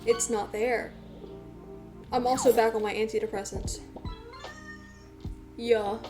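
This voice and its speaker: A woman streaming live, chatting to her viewers in a loose, rambling way with plenty of fillers. Her voice sits a little high. Music plays clearly underneath her talk. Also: steady tone, slow pace, dark tone. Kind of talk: casual live-stream chat.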